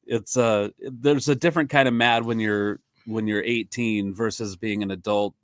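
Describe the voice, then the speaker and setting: A man's voice: fairly low pitch, fairly even intonation, no room sound. Chatty male podcast host, dry sound. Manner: enthusiastic, chatty, quick to laugh. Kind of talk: casual interview chat.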